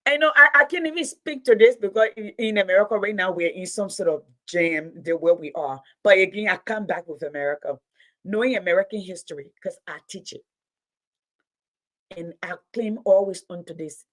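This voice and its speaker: A woman's voice: medium pitch, brisk, fairly bright tone. A middle-aged woman giving impassioned political commentary, indignant and emphatic, repeating phrases for stress.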